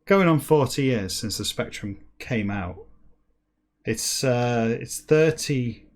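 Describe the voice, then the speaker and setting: A man's voice: medium pitch, lively intonation, slow pace. A man in his forties hosting a podcast, rambling through a sardonic, mock-boastful comic monologue. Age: 40s. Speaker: podcast host.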